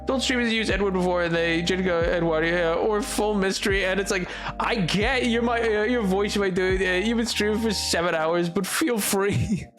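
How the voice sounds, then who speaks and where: A man's voice: high voice, moderate pace, a bit bright, faint music behind. A man streaming a game, chatting casually with his viewers in a rambling, joking way. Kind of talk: casual livestream chat while gaming.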